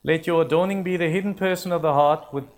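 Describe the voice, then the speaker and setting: Male preacher, earnest and emphatic, voice on the higher side. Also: quick pace. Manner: earnest, emphatic, repeats key phrases. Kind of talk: sermon.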